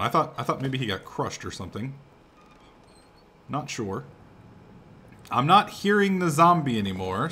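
Animated, profane young gaming commentator. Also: male voice, mid-range voice, a little hiss or hum. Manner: profane, sarcastic, excitable. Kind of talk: let's play commentary.

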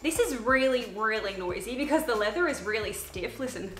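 A woman with an Australian accent chatting casually through a thrift haul vlog, bubbly and full of quick asides. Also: fairly high pitch, lively intonation, noisy background. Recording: echoey room, faint music behind.

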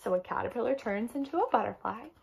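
An enthusiastic woman reading a picture book aloud to young listeners, expressive and teacher-like. Her fairly high voice rises and falls in lively storytime swoops as she pauses to ask questions. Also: creaky, husky. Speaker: read-aloud host.

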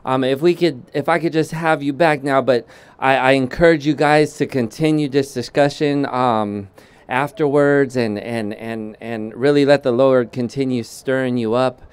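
A man preaching a sermon as pastor, slow and deliberate, often restarting his sentences. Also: mid-range voice, steady tone, smooth.

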